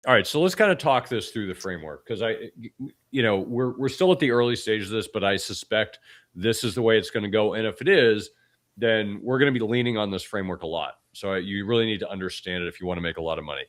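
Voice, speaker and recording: Podcast host, male, hoarse from a bug, deep low voice, opinionated, restarts a lot. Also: quick pace, a bit bright. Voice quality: extra deep voice. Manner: blunt, opinionated, with frequent restarts. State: hoarse from a cold. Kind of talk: casual podcast commentary.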